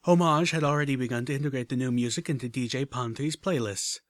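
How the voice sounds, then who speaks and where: A man reading a story aloud as an audiobook narrator, measured and even. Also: mid-range voice, no room sound. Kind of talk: scripted narration.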